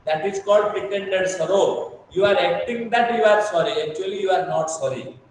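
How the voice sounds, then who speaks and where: A man teaches a lesson, repeating his explanations patiently and asking whether the class has understood. His voice sits fairly high. He sounds distant in a very echoey room with a long reverb and a faint hiss. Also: moderate pace. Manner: patient, repetitive, checks understanding. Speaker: English teacher. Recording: echoey room, mic far off.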